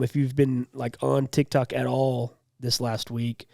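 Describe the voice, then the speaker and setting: A man's voice: medium pitch, level tone, a little slow, vocal fry, darkish tone, no room sound, studio quality. A young man co-hosting a podcast in loose, rambling casual chat full of fillers. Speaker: podcast co-host.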